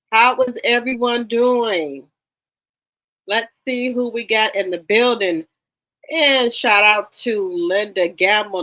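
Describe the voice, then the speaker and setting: In a mid-range voice, a slightly tired livestream host chats casually with viewers, saying hello to each one in turn. The talk is full of ums and restarts, and the recording has a somewhat dull, lo-fi sound.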